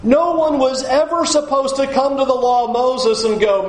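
A male pastor preaching a sermon in a lively, animated way, often slipping into acted quotes. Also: extremely high pitch, normal speed, few pauses, echoey room, slight background noise.

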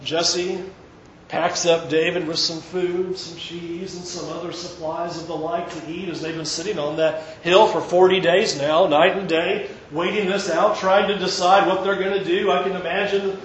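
A man preaching, retelling a story with lively, acted-out dialogue. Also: sits high, normal speed, roomy sound, highs cut off, slight background noise. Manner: animated retelling, acting out quoted characters. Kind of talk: sermon storytelling.

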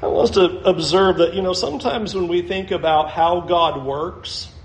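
A man's voice: high voice, normal speed, reverberant. A male pastor preaching a sermon in a conversational way, often chuckling as he makes his points.

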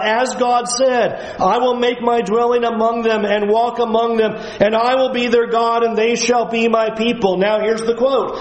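A man preaching a sermon, earnest and emphatic, at times dropping to a low, quiet voice. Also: little pitch movement, normal speed, hardly any pauses, reverberant, poor audio.

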